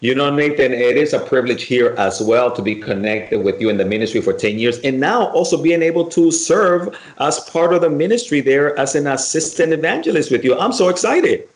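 A man's voice: on the high side, expressive, brisk, hardly any pauses. Man, religious radio host, enthusiastic, friendly, echoey room. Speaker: radio show host and pastor. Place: Miami area. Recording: roomy echo.

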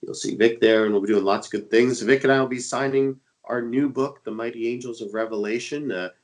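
A man's voice: mid-range voice, fairly quick, poor audio. A man with a stuffy, congested voice from a cold, co-hosting a religious radio show and talking eagerly with many fillers. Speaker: co-host and internet evangelist. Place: Dallas, Texas area.

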